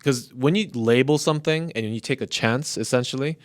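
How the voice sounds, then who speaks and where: A man in his thirties talks through ideas in a casual podcast chat, circling back and restarting his phrases. His voice is smooth and resonant at a mid pitch. The sound is close and dry. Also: fairly quick, dry recording. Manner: explains in loose, restarting phrases with light laughs. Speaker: podcast co-host.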